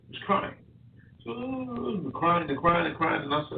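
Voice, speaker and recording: A man's voice: on the high side, animated, brisk, creaky, a little hiss or hum. A man talking as a boxing coach on a podcast, repeating himself as he tells stories. He sounds far from the mic in an echoey room, with a thin, phone-like tone. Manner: repetitive, storytelling with stutters. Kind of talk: casual podcast chat.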